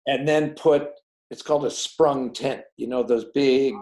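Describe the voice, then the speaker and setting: A man's voice: medium pitch, unhurried, poor audio. Guy spinning a set story, does everyone's lines back and forth, chatty interview. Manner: animated, acts out dialogue in quoted voices. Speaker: film director, guest.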